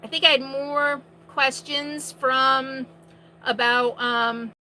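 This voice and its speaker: A woman with a high, bright voice runs a live question-and-answer stream from inside her RV. She talks in a chatty, loose way with restarts and projects loudly so her viewers can hear. A faint hum sits under her voice. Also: fairly even intonation, slow pace, rough recording. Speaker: RV vlogger hosting a live Q&A. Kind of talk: casual live-stream chat.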